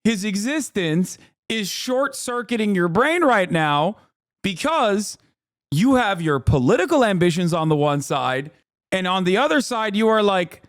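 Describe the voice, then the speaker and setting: A man in his thirties riffs excitedly on a video during a livestream, with a fairly high voice and a dry sound close to the mic. He talks in quick, gleeful bursts and keeps exclaiming. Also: dry recording. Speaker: streamer reacting to a debate video. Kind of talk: casual reaction commentary.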